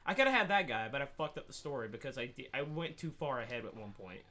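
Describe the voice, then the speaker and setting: A man telling a rambling, profane story in a casual gaming chat, animated and quick to swear. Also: mid-range voice. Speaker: podcast co-host.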